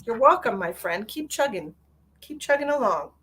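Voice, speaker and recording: A woman's voice: a little high, sing-song, normal speed. A woman with a somewhat raised voice talks casually as host of a live psychic reading stream. She chats with her viewers and calls them by pet names. A faint hiss of noise sits behind her.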